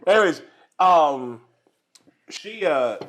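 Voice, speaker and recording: A man's voice: fairly high pitch, animated, slow, fairly bright tone. A man hosting a casual political chat over dinner at home, rambling with lots of restarts and fillers and laughing often. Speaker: host.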